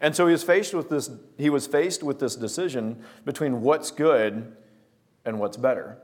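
A man telling a personal story with lively acted-out scenes, then drawing a devotional lesson from it. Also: mid-range voice, normal speed. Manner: lively storyteller, acting out scenes, often restarting words. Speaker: speaker telling a story to make a life lesson. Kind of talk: anecdote-driven devotional talk.

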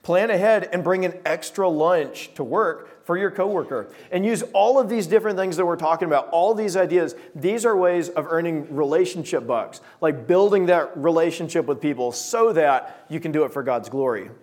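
A man's voice: a little high, moderate pace, few pauses. A young man preaching a sermon to a small gathering, telling stories and acting out quoted voices. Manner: animated storytelling with voiced quotes.

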